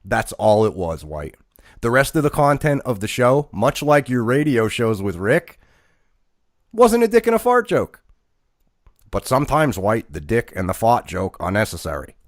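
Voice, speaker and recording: A man's voice: mid-range voice, big pitch swings, moderate pace, no room sound, clean studio sound. A man co-hosting a wrestling podcast, ranting mockingly and calling out a critic by name. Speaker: podcast co-host. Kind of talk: casual podcast rant.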